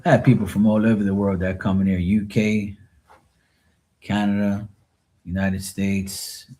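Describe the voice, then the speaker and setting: A man's voice: lowish voice, flat delivery, a little slow, mellow. A man from Bermuda with a Bermudian accent, chatting loosely and rambling to viewers of his live tarot stream. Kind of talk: casual live-stream chat.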